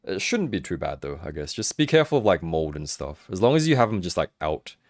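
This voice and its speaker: A young man in Hong Kong talks fast in a low voice while hosting a relaxed livestream about action figures. He laughs, swears freely, and answers viewers expressively, captured in a dry, studio-quality recording.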